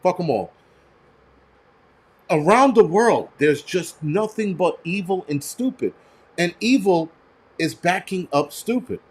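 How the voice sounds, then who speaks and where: A firefighter hosting a livestream rants bluntly and profanely and shares stories from work. His voice is high-pitched and expressive, slow, with frequent pauses and a breathy edge.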